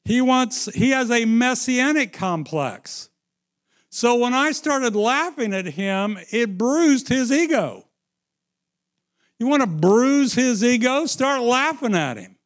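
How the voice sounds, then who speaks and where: Guy preaching real slow, kinda high voice, goes quiet then punches it up. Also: big pitch swings. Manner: slow, emphatic, swings into sung and shouted phrases; drops to a hushed storytelling tone. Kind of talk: sermon.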